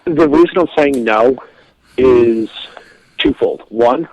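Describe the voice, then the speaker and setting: A man co-hosting a casual political podcast, blunt and profane, swinging from loud outbursts to low asides. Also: takes it slowly, dull audio. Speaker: podcast co-host.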